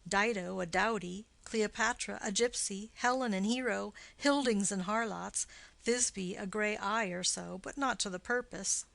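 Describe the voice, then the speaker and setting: Audiobook: woman voicing a sharp-tongued young nobleman, teasing and playful, dry close sound. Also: medium pitch, unhurried, creaky, no echo. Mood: mocking. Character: witty, mocking young male nobleman.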